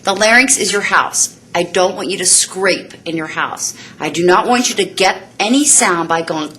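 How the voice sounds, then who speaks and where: Bright-voiced woman vocal coach. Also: fairly low pitch, moderate pace, slight background noise. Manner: demonstrative, vivid imagery. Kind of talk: instructional explanation.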